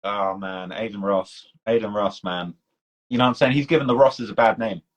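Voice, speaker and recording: A man's voice: on the low side, moderate pace, low-quality recording. A man with a British accent, hosting a casual live-stream chat, talking in a loose, slangy way full of fillers and restarts. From United Kingdom. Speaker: documentary channel host.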